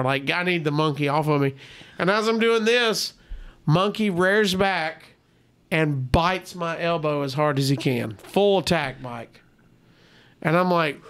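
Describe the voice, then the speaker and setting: A man telling a story as a guest on a comedy podcast, acting out the voices of the people in it. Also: high voice. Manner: animated, acts out quoted voices.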